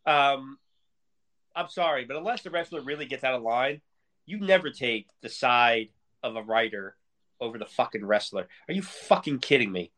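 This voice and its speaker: A man's voice: medium pitch, lively intonation, normal speed, fairly bright tone. A man co-hosting a podcast, ranting angrily in casual, profanity-heavy talk. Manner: angry, heated, profanity-laced ranting. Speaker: podcast co-host.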